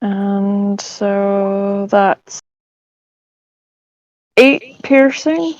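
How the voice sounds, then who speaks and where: A woman's voice: medium pitch, drawn-out words, a little mellow, no echo, muffled recording. A woman playing in a tabletop game, talking casually with a hesitant, filler-heavy manner. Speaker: player.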